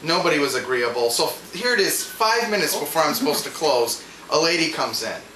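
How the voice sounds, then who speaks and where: Animated, swearing man telling a story. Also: a little high, brisk. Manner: animated, profane, laughing ranting. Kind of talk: casual anecdote. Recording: echoey room with background noise.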